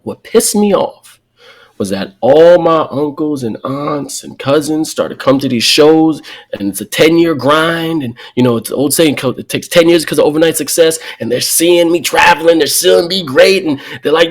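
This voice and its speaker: This guest is a New York comedian doing animated podcast storytelling, vividly acting out the people in his tales. His pitch is fairly high and his pace moderate.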